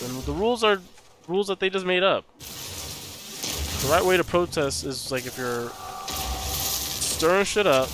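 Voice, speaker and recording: A man streaming a game live, chatting in a sarcastic, ranting way. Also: fairly high pitch. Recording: background noise.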